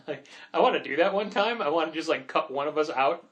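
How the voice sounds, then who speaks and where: A man with a fairly high voice chats casually as a podcast co-host. He rambles a little, tosses in quick asides and laughs often. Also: expressive, a bit bright. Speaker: podcast co-host and comic shop owner. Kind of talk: casual chat.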